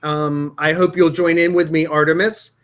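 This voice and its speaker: A middle-aged man, an acupuncturist, earnestly explaining a healing mantra and leading a guided meditation with slow sing-song chanting. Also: on the high side, flat delivery, fairly bright tone.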